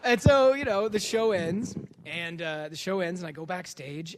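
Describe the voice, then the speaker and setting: A man giving a lecture as a comic story, animated and self-deprecating, acting out the dialogue. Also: high-pitched, moderate pace.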